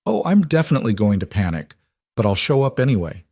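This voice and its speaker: A man voicing an anxious, earnest single father in a storybook reading, speaking quietly and tentatively. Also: on the low side, big pitch swings, fast, no echo, clean studio sound.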